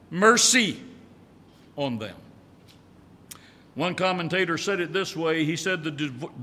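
A man's voice: high-pitched, pushed and bright, big-room sound. A male pastor preaching a sermon in a church, folksy and repetitive, drawing out key words. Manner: folksy, repeats phrases, stretches key words.

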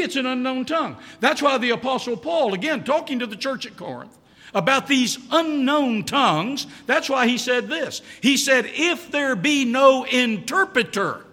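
Emphatic high-voiced male pastor preaching. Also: bright, forceful tone, in a large hall. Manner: emphatic, repeats key lines, rhetorical questions. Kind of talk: sermon. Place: church.

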